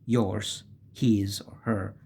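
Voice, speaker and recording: A man with an Italian accent teaching a language lesson, slowly spelling out syllables and checking in with "eh?". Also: on the low side, level tone, gravelly, darkish tone, breathy edge. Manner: slow, spells out syllables, tags with "eh?".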